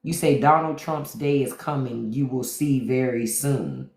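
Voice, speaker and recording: A woman's voice: a bass voice, unhurried, a little mellow. A woman hosting a livestream, talking back to the chat with profane, mocking commentary. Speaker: podcast host on a livestream. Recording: roomy echo.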